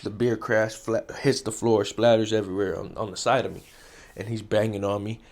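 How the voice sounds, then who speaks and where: A man's voice: on the low side, little pitch movement, a little fast, darkish tone. A man telling a story from his past in blunt, profane street talk, repeating key phrases for effect. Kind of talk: casual street storytelling to camera.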